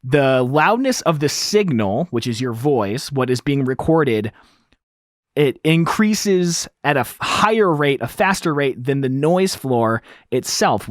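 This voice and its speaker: A man hosting an audio tutorial, explaining step by step in a casual, animated way while demonstrating on a studio microphone. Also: a little high, no room sound. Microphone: studio microphone through an audio interface.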